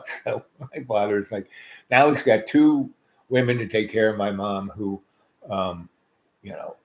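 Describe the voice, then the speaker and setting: Man, lowish voice, rambling anecdote with lots of fillers and asides. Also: fairly even intonation, measured pace, low-quality recording. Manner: loose, full of fillers and asides. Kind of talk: rambling personal storytelling.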